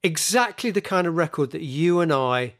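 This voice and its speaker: A man's voice: on the high side, expressive, moderate pace, a bit bright. Wry man with tag questions. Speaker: podcast co-host. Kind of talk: casual music chat.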